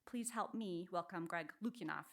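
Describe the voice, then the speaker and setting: A woman reading a prepared introduction of a guest speaker before an audience, measured and formal. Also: lowish voice, gravelly, fairly bright tone. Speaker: event introducer. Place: lecture hall before a live audience.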